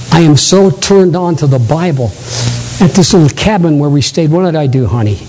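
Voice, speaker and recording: A man's voice: high-pitched, a little mellow, in a large hall, rough recording. A male pastor preaching a sermon with exuberance, prompting the congregation to call back answers. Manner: exuberant, calls for audience responses. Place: church sanctuary.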